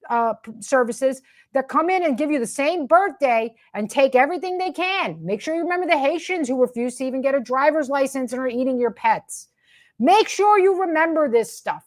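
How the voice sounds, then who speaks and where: A woman hosting her own commentary show, ranting with sarcasm and emphatic repetition. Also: sits high. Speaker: commentary host.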